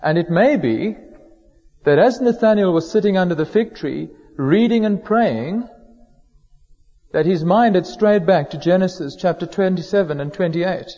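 A man preaching a sermon in a church, measured and slowing down to stress key words. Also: high-pitched, animated, dark tone. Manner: measured, slows down for emphasis on quoted words. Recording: dull lo-fi sound in a hall with long reverb.

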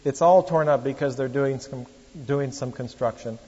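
A pastor, preaching a sermon in a storytelling, conversational manner with wry asides to the congregation. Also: male voice, medium pitch, moderate pace, mellow, husky. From Oregon, USA. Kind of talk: sermon with anecdotes. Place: church. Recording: echoey church hall, dull lo-fi sound.

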